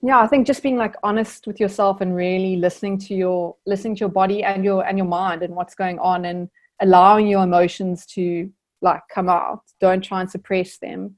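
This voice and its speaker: A young woman from South Africa speaks at a medium pitch. She answers thoughtfully and earnestly, circling her points with lots of "like" and "um". She sounds like a guest speaking freely in a relaxed conversation. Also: moderate pace. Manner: earnest, reflective, many fillers like "like" and "um". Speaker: guest, Olympic rower. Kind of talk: casual interview answers.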